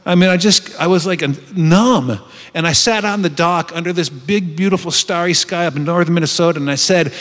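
A man's voice: fairly high pitch, a little fast, fairly bright tone. Earnest man telling his story in a reverberant hall. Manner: earnest, heartfelt storytelling with many restarts. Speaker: retreat speaker. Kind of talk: personal testimony talk. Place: conference hall.

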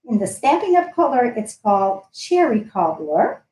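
A woman's voice: mid-range voice, very animated, unhurried, darkish tone. A woman hosting a live-streamed stamping craft chat. She talks in a gushing, chatty way with loose phrasing. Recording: echoey room.

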